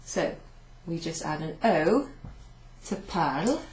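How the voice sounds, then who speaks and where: Deep and darkish, her British voice has a sing-song lilt and a slow delivery. She's teaching a beginners' language class from the whiteboard, breaking things down step by step with fillers. The sound bounces around the classroom.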